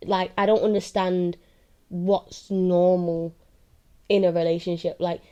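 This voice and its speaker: A woman's voice: lowish voice, little pitch movement, unhurried, mellow, smooth, dull audio. A young woman vlogging a candid, confessional monologue, rambling and often checking that the listener follows her. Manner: rambling, keeps asking "do you know what I mean".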